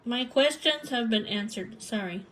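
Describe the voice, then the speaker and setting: A woman giving a tarot reading, talking haltingly and searching for words, often phrasing what someone might say. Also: on the high side, lively intonation, a bit bright, a little hiss or hum, low-quality recording. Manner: speaks lines as if voicing someone else. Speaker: tarot reader.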